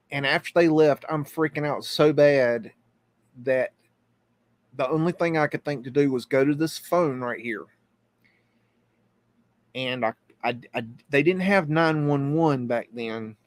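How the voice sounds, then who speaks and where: Halting, earnest middle-aged man. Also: a little high. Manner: halting, earnest, restarts and repeats words; tells the story while pointing at a map on screen. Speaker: host. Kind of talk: live-stream storytelling.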